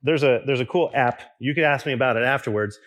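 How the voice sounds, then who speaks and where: A young man preaching a sermon in a relaxed, conversational way, with restarts and asides to the congregation. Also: mid-range voice, fast. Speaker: pastor.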